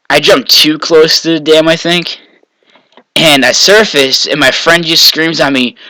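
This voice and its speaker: A man's voice: medium pitch, bright, forceful tone, dry recording, poor audio. A young man from Maine telling personal stories in a casual, rambling way, often correcting himself and chuckling between lines. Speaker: vlogger. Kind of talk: casual storytelling.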